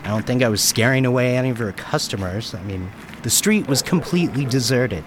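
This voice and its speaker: Animated man narrating a story. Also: medium pitch, brisk, background noise. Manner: lively, wry storyteller. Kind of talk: first-person story narration.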